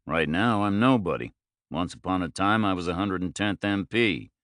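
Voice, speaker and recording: Man doing a terse, deep ex-military drifter. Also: expressive, moderate pace, fairly bright tone, dry recording. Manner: terse and dry. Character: laconic ex-military police drifter, male. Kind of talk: audiobook character voice.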